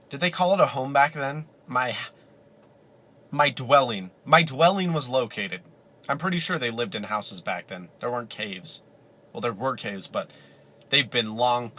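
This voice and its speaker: A man's voice: medium pitch, bright, forceful tone. A man talking to the camera in a casual, rambling monologue, exaggerating and interrupting himself as he jokes. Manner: rambling, hyperbolic, self-interrupting, jokey. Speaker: vlogger.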